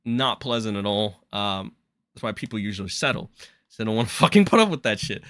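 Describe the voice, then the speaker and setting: A man's voice: on the low side, animated, a little fast, fairly bright tone, no room sound, studio quality. A young man hosting a live stream, talking in a rambling, exasperated and profane way. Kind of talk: casual live-stream commentary.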